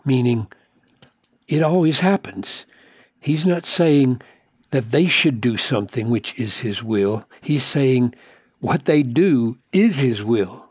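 A man teaching a sermon, slow and emphatic, sometimes dropping to hushed asides. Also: medium pitch, animated, slightly rough, no echo. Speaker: pastor.

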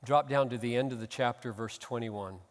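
Heard with long hall reverb, a mid-range male pastor preaches an expository sermon a little fast. His earnest, emphatic delivery moves from quiet hushes to loud exclamations.

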